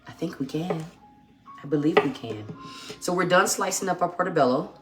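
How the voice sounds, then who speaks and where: A woman's voice: low-pitched, lively intonation, moderate pace, fairly bright tone, faint music behind. A middle-aged woman hosting a casual home cooking show, chatting and teasing as she works in her kitchen. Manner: chatty, teasing, thinks aloud while working.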